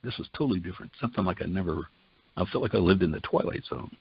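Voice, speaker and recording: A man's voice: low-pitched, racing, slightly rough, no room sound. An older man giving a personal testimony in a folksy way, retelling conversations line by line in quotes. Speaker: testimony speaker. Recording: dull lo-fi dry recording.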